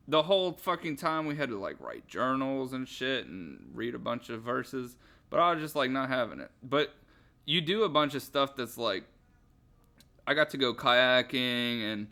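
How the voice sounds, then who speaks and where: A young man co-hosts a loose podcast, his voice bright and pushing forward. He talks in a crude, teasing way and mocks his friend's stories. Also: medium pitch. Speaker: podcast co-host. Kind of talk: casual chat.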